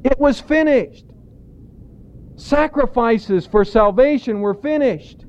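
A man preaching a sermon in a deliberate way, drawing out emphatic words. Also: very high voice, a little mellow, muffled recording. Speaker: pastor.

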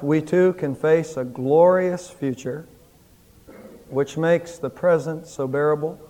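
Male pastor, high voice, church sermon, fervent emphasis, long hall echo. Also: darkish tone. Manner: preaching, rising to fervent emphasis. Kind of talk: Easter sermon with prayer. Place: church sanctuary.

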